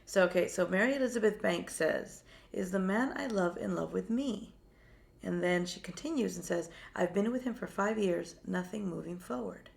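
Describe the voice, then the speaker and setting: A woman with a sore, slightly gravelly throat gives psychic readings on a live stream. She keeps her voice low and soft, trailing and repeating words as she reaches for what she senses. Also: normal speed. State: sore throat, speaking quietly. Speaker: psychic reader, co-host.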